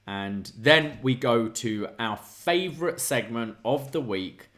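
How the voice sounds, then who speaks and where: A man's voice: mid-range voice, animated, slow, fairly bright tone. A man co-hosting a wrestling review podcast, recapping the show in casual chat with wry asides. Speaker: podcast co-host.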